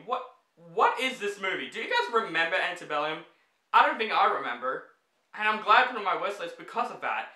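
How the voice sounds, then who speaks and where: Casting note: a male movie reviewer with a high, bright voice, fed-up ranting delivery, echoey room. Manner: exasperated, blunt, swears freely.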